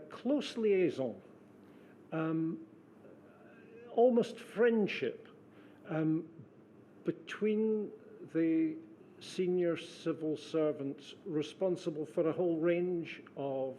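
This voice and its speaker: An older man answering questions at a formal inquiry, careful and precise, with frequent pauses and fillers. His voice sits somewhat high for a man yet sounds dark and mellow. A faint hiss of noise runs underneath. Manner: measured, precise, hesitant with fillers. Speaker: witness, former civil servant.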